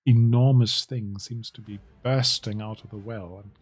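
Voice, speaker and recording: A man narrating as game master in a tabletop role-playing game, describing scenes in an unhurried way. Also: on the low side, steady tone, darkish tone, slightly rough.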